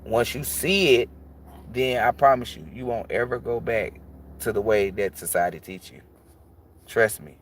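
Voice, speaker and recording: A man's voice: on the low side, measured pace, slight background noise. A man who reads tarot, talking bluntly and casually on a livestream and preaching about energy with plenty of swearing. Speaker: tarot reader.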